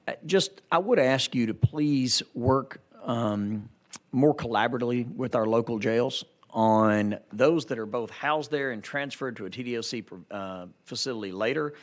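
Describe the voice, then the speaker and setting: Emphatic lawmaker pressing a witness. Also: male voice, medium pitch. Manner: emphatic, pleading, plain-spoken. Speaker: legislator questioning a witness. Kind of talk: committee questioning.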